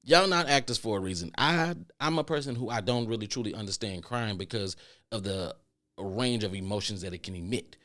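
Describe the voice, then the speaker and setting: A man hosting a solo podcast, ranting in an animated way, repeating his points for emphasis and swearing freely. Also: a little fast. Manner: animated ranting with mocking falsetto impressions. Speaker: podcast host.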